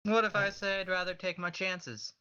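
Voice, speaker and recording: A man's voice: high-pitched, steady tone, normal speed, bright, forceful tone, clear, resonant tone, highs cut off. A man playing in a tabletop game, blunt and cocky. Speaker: player.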